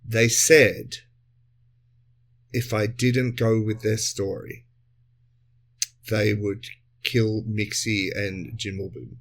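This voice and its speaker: A man's voice: lowish voice, level tone, slow pace, long pauses. A man retelling a story and voicing an apologetic male bodyguard in a comedy podcast. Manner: earnest, sorry.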